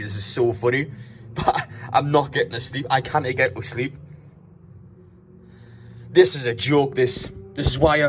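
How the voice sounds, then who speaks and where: A man's voice: mid-range voice, a bit bright, a little hiss or hum. Exasperated young man vlogging from a hotel. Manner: exasperated, swearing, muttering at night. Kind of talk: casual vlog talk to camera. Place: hotel room at night.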